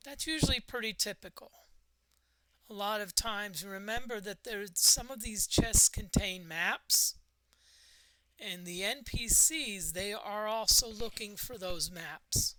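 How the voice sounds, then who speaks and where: A woman streaming a game with a hoarse voice, explaining calmly as she plays. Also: mid-range voice, measured pace, low-quality recording. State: hoarse, lost voice. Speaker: gaming streamer. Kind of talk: casual game commentary. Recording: game music behind the voice.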